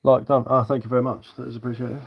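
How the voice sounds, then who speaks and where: A man with a southern English accent chats casually on a live stream while carving wood, rambling and answering viewer comments as he works. His mid-range voice is gravelly and slightly rough, with a level tone and quick pace, and the audio sounds dull.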